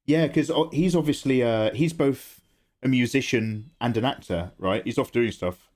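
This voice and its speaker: Casual chat fills a drawing livestream as a young man meanders through topics, laughing often as he tells his rambling stories. His voice has a medium pitch and darkish tone, with a moderate pace.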